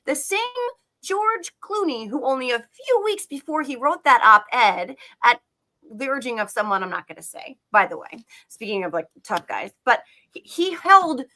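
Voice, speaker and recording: Fired-up woman ranting, high and bright. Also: big pitch swings, moderate pace. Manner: fired up, profane, emphatic. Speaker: political commentator. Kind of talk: heated political talk show rant.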